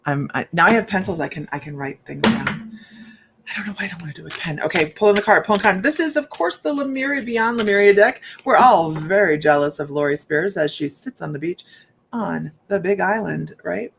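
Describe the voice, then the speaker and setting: A woman's voice: low-pitched, a little fast, vocal fry, slight background noise. A woman working as a psychic medium, giving a rambling, chatty live reading and talking straight to her viewers.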